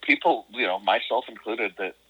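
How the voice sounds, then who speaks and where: A man's voice: lowish voice, normal speed, bright, forceful tone, breathy edge. A man talking as a podcast guest over a phone call, in rambling casual chat full of restarts and self-mocking laughs.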